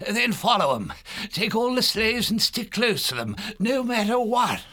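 A man's voice: high voice, sing-song, measured pace, pushed and bright, pitched above the performer's own voice, heavily acted. A man voicing a brave, jolly hare colonel who talks in plummy, hearty officer's banter.

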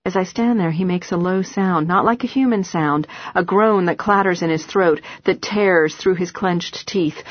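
Low-voiced woman narrating a novel. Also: no echo, dull audio. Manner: steady, measured storytelling. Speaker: audiobook narrator. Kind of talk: first-person novel narration.

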